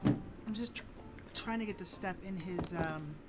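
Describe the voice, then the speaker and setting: A woman streaming a game from home, thinking aloud in an unhurried, musing way. Her pitch sits mid-range, and a clear hiss of background noise runs under her home mic. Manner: slow, musing, talks to the game. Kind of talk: casual gameplay commentary.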